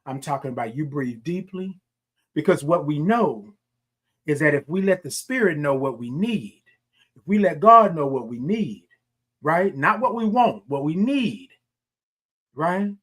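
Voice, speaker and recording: A man with a high-pitched voice hosts a motivational morning talk. He preaches in rolling, repeated phrases, calling out to his listeners as if from a pulpit. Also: expressive, a little slow, fairly bright tone, breathy edge. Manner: preachy, call-and-response rhythm with repeated phrases. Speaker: host.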